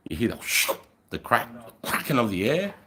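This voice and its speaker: A man's voice: medium pitch, moderate pace, heavy background noise. Swearing Australian man telling war stories. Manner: profane, animated, acts out voices. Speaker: army veteran storyteller on a live stream. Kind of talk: casual storytelling.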